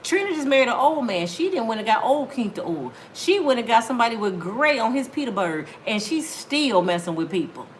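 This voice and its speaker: A woman's voice: on the high side, very animated, fairly quick, hardly any pauses, a little hiss or hum. A woman in her fifties hosting a celebrity gossip channel, chatty and talking straight to her viewers.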